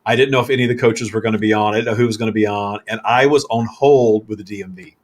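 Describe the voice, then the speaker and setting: A man hosting a casual live-stream chat, telling stories in an animated way and laughing often. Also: on the low side, fast. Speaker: host.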